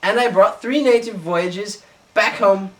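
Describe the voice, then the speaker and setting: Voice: mid-range voice, a little slow, fairly bright tone, close to an everyday voice. A performer playing an earnest, rambling male Victorian naturalist in an amateur comedy skit, now and then slipping into a mock Australian twang. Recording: distant home video, faint hiss.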